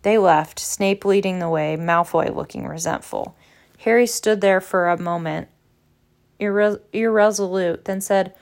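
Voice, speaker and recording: Woman with a gravelly voice reading a book. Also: medium pitch, measured pace. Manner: steady reading with small slips. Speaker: audiobook reader. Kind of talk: book narration.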